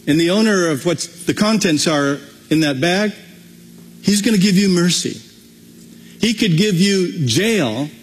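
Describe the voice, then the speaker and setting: Husky-voiced man preaching a sermon. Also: on the high side. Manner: conversational preaching with frequent restarts. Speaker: pastor. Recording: long hall reverb.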